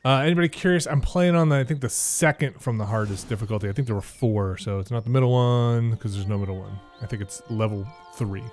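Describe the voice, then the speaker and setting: A man's voice: mid-range voice, quick pace, hardly any pauses, a little mellow. Brief: young man, offhand let's play chatter, faint game music under. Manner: loose, chatty, swears. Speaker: game streamer. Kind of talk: casual let's play commentary.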